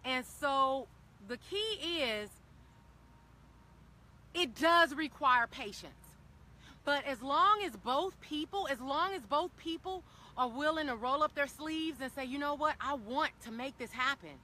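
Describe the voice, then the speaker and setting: A woman's voice: high voice, lively intonation, a little slow, bright, forceful tone. A woman speaking earnestly and encouragingly to viewers on a phone camera, often repeating her key phrases for emphasis. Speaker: wellness vlogger speaking to live viewers. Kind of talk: impassioned live-stream talk. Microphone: handheld phone camera.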